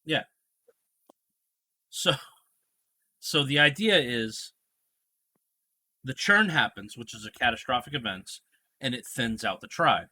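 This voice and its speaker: A man's voice: medium pitch, pushed and bright, breathy edge. A man hosting a casual podcast chat, retelling a TV scene in a rambling, storytelling way. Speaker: podcast host.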